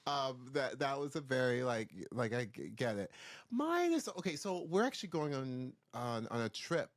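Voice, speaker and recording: A man in a relaxed podcast chat, venting with a lot of playful exasperation. His voice sits at a middle pitch, and he talks freely, full of asides. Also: moderate pace. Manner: chatty ranting with playful exasperation. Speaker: podcast co-host.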